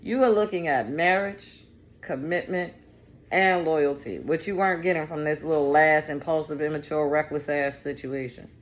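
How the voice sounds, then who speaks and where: A woman's voice: low-pitched, normal speed. A woman giving a casual tarot reading, chatty and digressive, with slang and profanity. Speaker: tarot reader.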